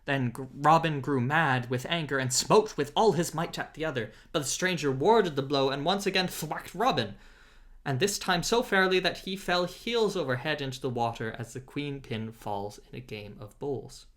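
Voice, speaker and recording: A man reading an old adventure tale aloud in a steady, measured storybook narration. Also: on the high side. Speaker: audiobook reader.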